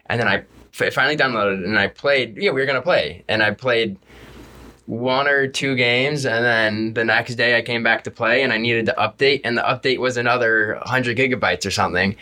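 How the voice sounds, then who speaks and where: A man's voice: mid-range voice, pushed and bright. A young man co-hosting a casual podcast, laid-back and laughing through his stories. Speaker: podcast co-host. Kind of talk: casual chat.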